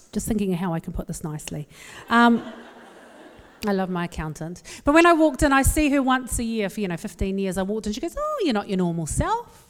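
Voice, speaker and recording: A woman's voice: mid-range voice, a little fast, pauses often, a little hiss or hum. Candid New Zealand woman in a reverberant hall. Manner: candid, self-deprecating, lively storytelling. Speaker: speaker. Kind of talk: humorous personal talk to a live audience.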